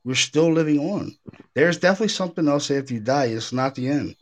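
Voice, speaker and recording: A man hosting a casual talk show, a paranormal investigator telling stories in an animated way, full of fillers and restarts. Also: fairly high pitch, fast. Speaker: podcast host, paranormal investigator. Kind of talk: casual chat.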